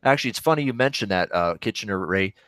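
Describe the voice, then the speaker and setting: A Canadian man with a somewhat low voice rambles casually through viewer questions on a livestream. He breaks off mid-thought to react to the game he is watching. The sound is close and dry. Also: lively intonation, fast, a bit bright, no room sound. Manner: rambling, reacting live to games. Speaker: sports betting show host.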